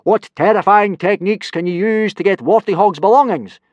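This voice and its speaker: A man's voice: high-pitched, brisk, no room sound, muffled recording, pitched above the performer's own voice, natural voice. Bellowing giant Viking teacher, read by a man, dry close storybook voice. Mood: yelling. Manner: bellowing, roaring. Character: huge booming male Viking teacher.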